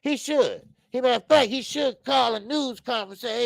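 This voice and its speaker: A man's voice: very high-pitched, fairly quick, creaky, dry recording. Heated male boxing show host. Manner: heated, animated, repetitive fillers. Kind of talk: casual opinionated commentary.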